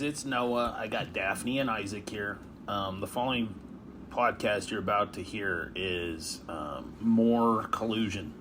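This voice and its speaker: A man's voice: fairly low pitch, noisy background. Combative young man hosting a podcast. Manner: combative, taunting, preachy. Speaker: podcast host. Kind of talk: heated phone confrontation and podcast intro.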